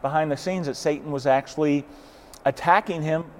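A man's voice: on the high side, fairly even intonation, brisk. A man in a casual faith discussion who speaks earnestly and often repeats words as he starts a thought.

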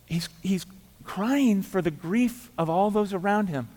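A middle-aged man preaching a sermon as pastor, telling the story in a conversational way, acting out quoted voices and dropping quiet for emphasis. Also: high-pitched, measured pace. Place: church sanctuary. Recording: church hall reverb.

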